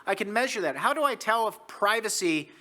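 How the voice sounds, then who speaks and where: An American professor giving a conference lecture, who argues briskly and poses rhetorical questions to the audience. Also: male voice, sits high, animated, sharp tone. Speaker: economics professor, panelist. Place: conference hall.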